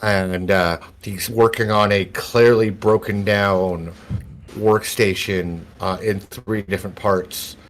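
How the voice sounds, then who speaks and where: A man with a fairly low voice running a tabletop game as game master. He describes scenes at length in a loose, rambling style. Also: steady tone, slow, a little hiss or hum. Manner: descriptive, loose, full of "like" and "kinda".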